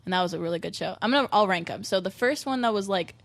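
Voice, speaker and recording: A young woman, a guest musician, chatting on a podcast and telling stories in a giggly, animated way. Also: mid-range voice, quick pace, creaky, no echo. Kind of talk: casual podcast chat. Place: podcast studio. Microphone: studio microphone.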